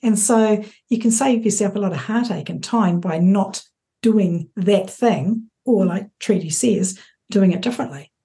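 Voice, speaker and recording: A woman co-hosting a podcast in casual chat, measured and agreeable as she explains. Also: medium pitch, dark tone. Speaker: podcast co-host.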